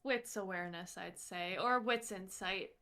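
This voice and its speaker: A woman's voice: mid-range voice, normal speed, sharp tone. A woman playing a tabletop game who speaks tentatively and weighs her choices. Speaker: player.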